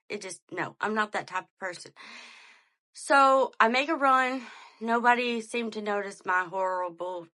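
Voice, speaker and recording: A woman, hosting a podcast and telling a story in a casual, animated way. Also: mid-range voice. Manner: animated, chatty, addresses listeners as y'all. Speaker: podcast host.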